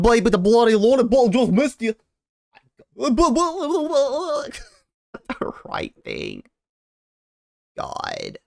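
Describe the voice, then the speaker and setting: A man's voice: mid-range voice, smooth, no room sound, studio quality. A young man streaming, rambling casually and talking straight to his chat.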